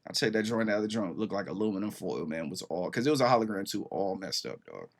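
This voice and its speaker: A man in his thirties giving casual reaction commentary as host, excitable and slangy, swearing freely and talking straight to his viewers. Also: fairly low pitch, quick pace, gravelly.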